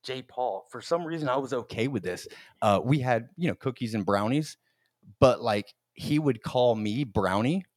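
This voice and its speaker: A man's voice: mid-range voice, moderate pace, dry recording, studio quality. A man in his forties hosting a podcast, telling funny stories in a casual chat, laughing often and acting out the quotes. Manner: animated storyteller, laughs often, acts out quotes. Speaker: podcast host.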